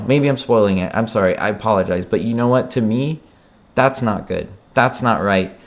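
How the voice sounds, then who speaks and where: Passionate man reviewing a film. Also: mid-range voice. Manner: passionate, repeats words and asks "right?". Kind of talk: casual opinion review.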